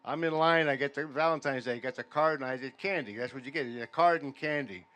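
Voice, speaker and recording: A man doing a stand-up comedy set in a veterans' hall, telling deadpan stories that build louder toward each punchline. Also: medium pitch, quick pace. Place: veterans' hall function room.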